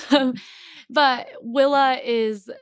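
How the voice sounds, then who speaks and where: A young adult woman guest in a casual chat, talking fast and loosely with lots of "like," and brightening whenever she quotes her kids. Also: sits high, clean tone, no echo, clean studio sound. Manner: chatty, peppered with "like"; animated when quoting her kids. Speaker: podcast guest.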